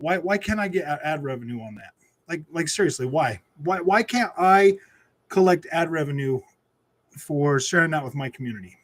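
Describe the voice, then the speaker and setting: A man hosting a gaming livestream, ranting in frustration with lots of stammered restarts while reading chat. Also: fairly high pitch. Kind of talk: ranting live stream chat.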